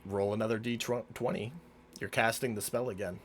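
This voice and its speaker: A man narrating a tabletop game as game master, with lively narration and frequent laughs. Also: fairly low pitch, normal speed, slight background noise.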